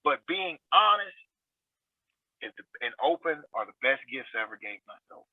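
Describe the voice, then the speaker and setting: A man's voice: a little high, very animated, normal speed, no room sound. A man giving an earnest, emphatic testimony on a talk show, repeating phrases for weight over a video call. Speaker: guest sharing recovery testimony. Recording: tinny video-call audio.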